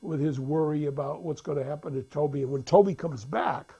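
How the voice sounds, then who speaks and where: His voice is on the high side, a little fast, mellow and husky with vocal fry. The man rambles through a casual retelling of a film, full of restarts and fillers, acting out what the characters say.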